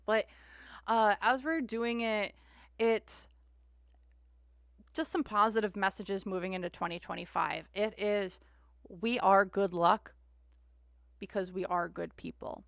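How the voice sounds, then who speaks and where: Chatty woman, smooth dry voice. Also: mid-range voice, measured pace, long pauses, no room sound. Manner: chatty, rambling, restarts words. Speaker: tarot livestream host. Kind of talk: casual livestream chat.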